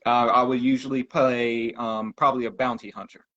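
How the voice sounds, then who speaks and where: A man talking casually as a podcast guest, pausing often with ums. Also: medium pitch, level tone, pushed and bright. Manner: halting, many ums. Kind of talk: casual conversation. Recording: dull lo-fi audio.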